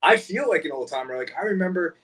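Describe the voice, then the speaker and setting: A man hosting a podcast, telling stories in a relaxed, conversational way. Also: high voice, fast talker, slightly rough, rough recording. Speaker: podcast host. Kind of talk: casual chat.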